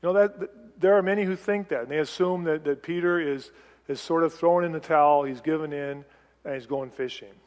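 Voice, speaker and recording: A man's voice: fairly high pitch, a little fast. A middle-aged man preaching on a Bible passage in a conversational way, chatty, with light laughs and acted-out quotes. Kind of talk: conversational sermon. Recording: long reverb of a large hall.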